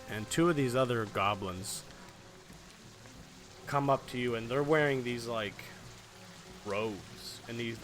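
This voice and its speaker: A man narrating a tabletop game as game master, loose and casual, peppered with fillers and curses. His voice is bright and forceful at a middle pitch. Faint music runs underneath. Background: faint fantasy music and rain.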